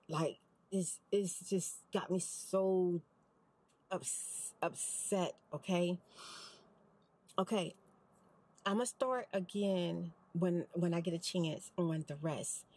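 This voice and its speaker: A woman's voice: deep voice, a little mellow, slightly rough, rough recording. A middle-aged woman, telling an emphatic, exasperated storytime vlog from inside a parked car. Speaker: vlogger.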